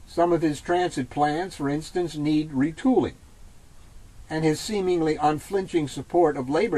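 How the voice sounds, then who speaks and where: Husky man reading an opinion piece aloud. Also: a little high, a little mellow, poor audio. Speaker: co-host. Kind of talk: reading an article aloud, then casual chat.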